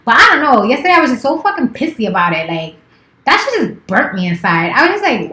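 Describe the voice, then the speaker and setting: A woman's voice: fairly high pitch, sing-song, fast talker, pushed and bright, roomy sound. A woman in her thirties chatting casually on a live stream, playful and teasing, swearing freely. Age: 30s. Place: office.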